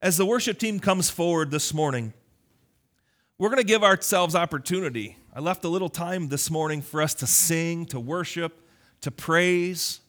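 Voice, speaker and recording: A male pastor preaching a lively, conversational sermon, teasing his congregation. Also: a little high, moderate pace.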